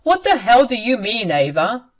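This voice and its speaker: A woman's voice: fairly high pitch, very animated, normal speed. A woman voicing an angry, protective young husband in a dramatized story. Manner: firm, indignant.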